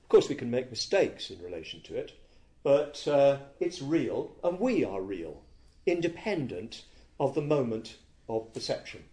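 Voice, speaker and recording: A man giving a reflective dharma talk as a Buddhist teacher, halting and searching for words, often correcting himself. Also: medium pitch, big pitch swings, warm tone.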